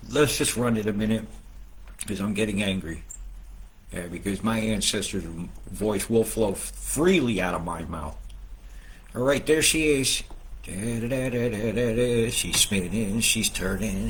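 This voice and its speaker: A man hosting a casual, rambling weather update, swearing often and swinging between loud outbursts and low muttering. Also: slight background noise. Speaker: weather video host.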